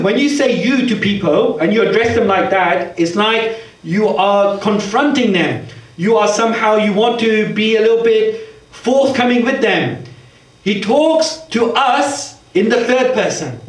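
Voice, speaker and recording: Male preacher, high voice, gentle earnest sermon, heard from far off in a big echoing hall. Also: lively intonation, measured pace. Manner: explains verses point by point, gentle and earnest. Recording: echoey hall recording from far off.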